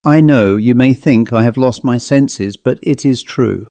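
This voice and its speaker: A man voicing a jovial, blustering upper-class gentleman in his sixties in a ghost story reading. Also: mid-range voice, unhurried, no echo, natural voice. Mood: hesitant. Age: 60s.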